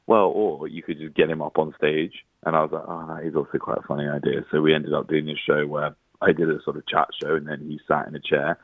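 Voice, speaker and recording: Deep-voiced man on a tinny phone line. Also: no echo. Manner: self-deprecating anecdotes, quick asides. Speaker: comedian guest. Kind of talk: casual chat. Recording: thin phone-like line, dry.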